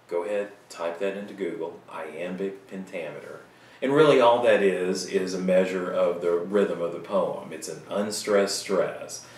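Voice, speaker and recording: A man giving a recorded writing lecture to students, casual and joking, with quick asides. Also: deep voice, darkish tone, a little hiss or hum. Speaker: writing teacher. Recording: roomy sound from a distant mic.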